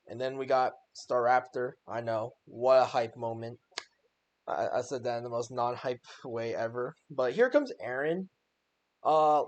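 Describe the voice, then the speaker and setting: A young man giving a casual voice-over on his own game run, joking and exasperated at his own plays. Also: on the high side. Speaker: gaming YouTuber.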